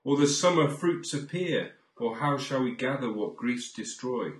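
A man reading classic poems aloud in a slow, dramatic recitation, swelling on key lines and falling to near-whispers. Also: mid-range voice, animated, roomy sound. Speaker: poetry reader.

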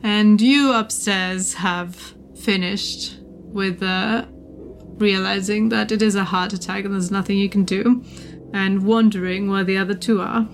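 Slow, measured woman game master. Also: medium pitch, fairly even intonation, a little hiss or hum. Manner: measured, descriptive narration. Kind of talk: narrating a tabletop horror game.

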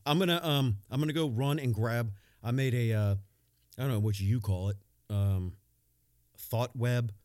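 A man's voice: medium pitch, moderate pace, a little mellow. A man with a mid-range voice holds forth on his solo podcast. He is blunt and profane, and he rambles from point to point. The sound is dry and close, with no room echo. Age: adult, has a young daughter. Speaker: podcast host. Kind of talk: casual solo podcast monologue.

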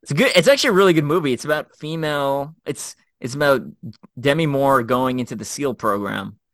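A man's voice: medium pitch, brisk, no echo. A middle-aged man telling military stories in a casual podcast chat, full of fillers and restarts. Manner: animated storyteller, many fillers and restarts. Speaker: former Special Forces officer, guest co-host.

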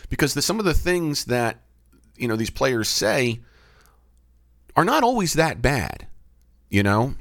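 A man's voice: medium pitch, sing-song, unhurried, pauses often, fairly bright tone, no echo. A man, middle-aged, hosting a podcast and thinking aloud, often asking himself questions and restarting his sentences. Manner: musing, asks himself questions, frequent restarts. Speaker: podcast host and baseball umpire. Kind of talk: reflective solo podcast talk. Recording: dry close-miked studio sound.

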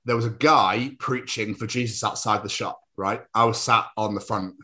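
A man's voice: lowish voice, steady tone, moderate pace, sharp tone. A man co-hosting a podcast in casual chat, rambling through funny stories and laughing often. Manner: rambling storyteller, laughs often, does silly voices. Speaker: podcast co-host.

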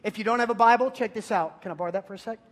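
A man, preaching as a high school youth pastor, with playful storytelling and sudden loud bursts. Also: rapid-fire. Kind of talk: energetic youth sermon.

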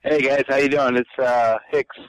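A man's voice: mid-range voice, flat delivery, normal speed, no room sound, low-quality recording. A man calling in to a talk show over the phone, laid-back and friendly, stumbling over his words. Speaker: caller. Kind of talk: phone-in chat. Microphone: phone line.

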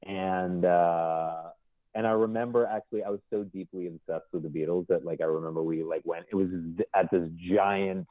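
A man's voice: deep voice, steady tone, moderate pace, no echo. Guest musician, male, hesitant and self-repeating, on a tinny dry call line. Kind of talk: casual chat.

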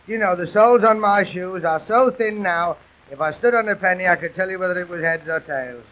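A man playing a weary, rambling police constable, telling deadpan comic stories on a dull old gramophone recording. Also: high-pitched, a little fast, natural voice. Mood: weary grumbling. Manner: chatty, rambling, self-pitying with deadpan gags. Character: weary, grumbling male police constable on the beat. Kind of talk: music-hall comic monologue and patter.

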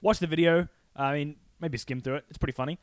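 A man co-hosting a casual podcast, his voice sitting a little high for a man. He rambles, laughs a lot and restarts his sentences. The sound is dry and close, with no room around it. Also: fast talker, dry recording. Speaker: podcast co-host. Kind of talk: casual chat.

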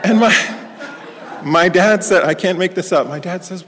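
A high-pitched parish priest gives a storytelling sermon in church at a moderate pace, keeping it conversational and turning animated for anecdotes. The big-room sound carries slight background noise.

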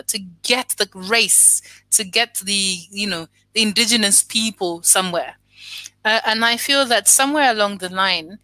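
A woman interviewer with a bright, crisp tone speaks thoughtfully and hesitantly, with frequent fillers and restarts. Her voice is recorded dry and close. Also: medium pitch, dry recording, poor audio. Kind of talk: conversational interview.

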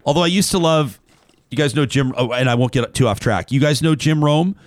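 A man's voice: a little high, brisk, no echo, clean studio sound. A man hosting a casual talk show, reading out a listener email and wandering off on tangents.

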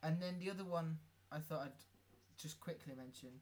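A man's voice: a little high, normal speed, a little mellow. A young man ranting about gigs. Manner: sarcastic, swearing ranter. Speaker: podcast co-host. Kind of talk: casual chat.

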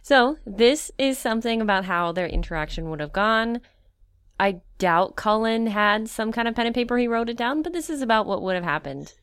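Relaxed female co-host, animated pitch, smooth clear tone. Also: moderate pace, no room sound, studio quality. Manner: relaxed, brief reactions. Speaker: podcast co-host. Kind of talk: casual chat.

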